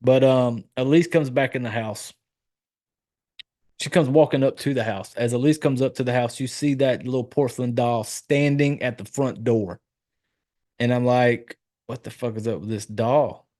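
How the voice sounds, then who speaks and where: Male podcast host, mid-pitched voice, casual and profane, rambles through a plot recap. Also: moderate pace, a little mellow. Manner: loose, profane, rambling with fillers and self-corrections.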